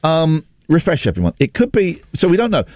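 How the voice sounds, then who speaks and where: A man's voice: on the high side, huge pitch swings, fairly quick, darkish tone, no room sound. A man in his late forties hosting a breakfast radio show, bantering in a loose, self-mocking way with lots of restarts. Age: 40s.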